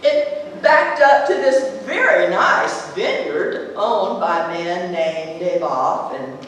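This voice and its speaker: A woman's voice: fairly low pitch, slow pace, slight background noise. Jezebel, scornful scheming queen, as a woman plays her. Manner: theatrical storytelling with lively acted-out quotes. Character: scheming, scornful ancient queen, contemptuous of her weak husband. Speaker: actor in a church drama. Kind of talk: stage monologue in character. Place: church sanctuary stage. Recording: echoey hall from far off.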